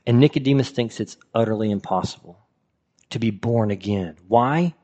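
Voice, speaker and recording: A man's voice: lowish voice, moderate pace, dark tone. A man preaching a sermon in a conversational way, asking his listeners rhetorical questions. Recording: reverberant hall.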